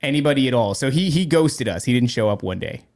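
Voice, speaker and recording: A man's voice: medium pitch, animated, fast, a little mellow. A man hosting a podcast in casual chat, rambling and joking with many restarts. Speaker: podcast host.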